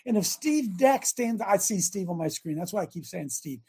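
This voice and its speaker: Gravelly, impassioned older preacher. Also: male voice, high voice, lively intonation, normal speed, a little mellow. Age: 60s. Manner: impassioned, folksy, repeats for emphasis. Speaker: preacher and show host. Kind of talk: sermon.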